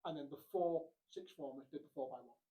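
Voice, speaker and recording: Young male podcast host, casual storyteller, animated, acts out quotes, recorded too quiet. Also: medium pitch, brisk, rough recording. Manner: animated, laughs through the punchlines, acts out quotes. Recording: quiet, badly set microphone.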